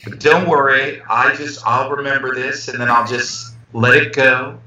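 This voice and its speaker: Playful man on a bright, echoey call. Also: medium pitch, steady tone, measured pace. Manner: playful, jokey, hesitant. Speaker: English teacher, guest. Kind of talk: live-streamed lesson chat. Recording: distant, echoey, dull online call audio.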